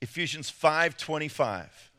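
A man's voice: a little high, lively intonation, a little slow, sharp tone. A middle-aged male pastor preaching a sermon, joking and acting out the voices of the people he quotes.

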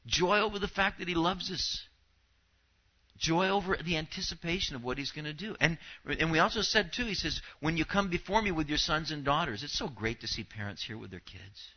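A man's voice: a little high, brisk. Man preaching a sermon, lo-fi. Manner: storytelling, drops to a hushed voice in anecdotes. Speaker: pastor. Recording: dull lo-fi church recording.

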